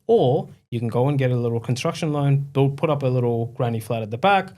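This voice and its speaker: A man's voice: mid-range voice, expressive, fast talker, darkish tone. An Australian man co-hosting a podcast, laid-back and agreeable in casual chat. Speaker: podcast co-host.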